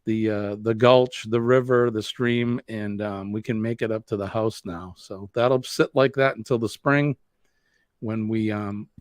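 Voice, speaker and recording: A man's voice: on the low side, steady tone, a little slow, no room sound, studio quality. A man from New England with a Boston accent, hosting a live stream, chatting in a rambling way and answering viewer comments. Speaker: host.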